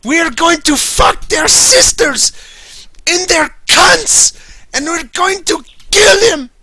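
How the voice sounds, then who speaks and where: A man imitating a brash male puppet dog who yells crude, boastful threats in a raised voice. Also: extremely high pitch, animated, slow, dry recording, pitched above the performer's own voice, exaggerated voice. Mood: boastful yelling.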